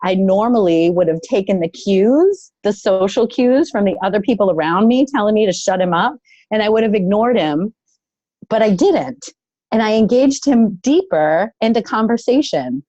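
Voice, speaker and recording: A woman tells a personal story in a relaxed, unhurried way, often pausing on fillers. Her voice sits at a middle pitch. The sound is dry and a little dull and lo-fi. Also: no room sound. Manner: thoughtful, halting, with many fillers.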